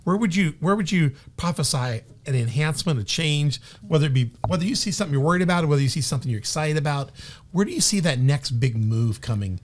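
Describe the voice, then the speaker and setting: A man's voice: fairly high pitch, fast talker. A middle-aged male pastor hosting a casual interview, telling stories animatedly and acting out quotes. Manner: animated storyteller, acts out quotes. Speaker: pastor and podcast host.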